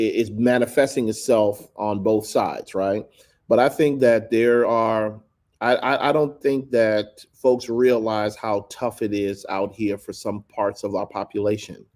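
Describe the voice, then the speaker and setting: A man with a somewhat low voice gives measured commentary as a guest. He talks deliberately, hedging and restarting phrases while he builds his point. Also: darkish tone. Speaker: guest speaker.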